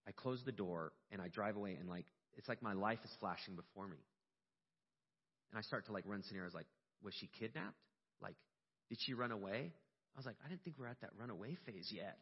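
Rather low and slightly rough, this middle-aged man's voice moves briskly yet leaves long pauses as he preaches. The pastor shares a personal story with mounting emotion, growing animated at the high points. Long hall reverb and a dull, lo-fi quality mark the audio.

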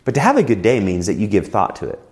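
A man's voice: fairly low pitch, wildly swooping pitch, quick pace, a little mellow. A man preaching a sermon as a pastor, conversational and telling personal stories. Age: adult with children.

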